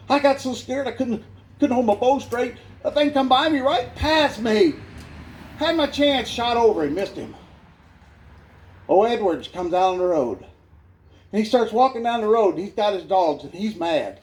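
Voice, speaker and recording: Folksy man with a high voice. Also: a little mellow. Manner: folksy, self-mocking, laughs through his words. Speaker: guest speaker giving his life testimony. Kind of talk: storytelling testimony at a church revival. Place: church.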